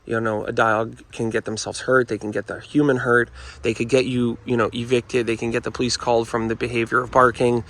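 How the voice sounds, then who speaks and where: Dog trainer guy, gravelly and kinda forceful, earnest, keeps saying folks and you know. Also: mid-range voice, little pitch movement, a little fast. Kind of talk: casual instructional talk to camera. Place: indoors with dogs nearby.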